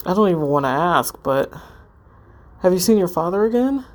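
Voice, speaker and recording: Woman reading a worried teen friend, urgent questions, lowish voice. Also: lively intonation, normal speed, a little mellow, natural voice. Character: worried teenage girl, loyal friend.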